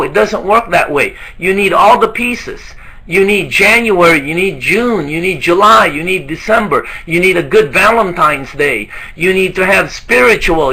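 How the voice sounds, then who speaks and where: A man's voice: high-pitched, bright, forceful tone, slightly rough, rough recording. A man giving an emphatic motivational sales training talk, firing off rhetorical questions.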